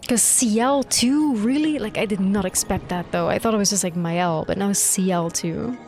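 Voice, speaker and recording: A young woman streamer reacting live to a game, excitable and gushing, swearing freely. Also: medium pitch, normal speed. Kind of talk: live gameplay reaction commentary. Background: faint game music.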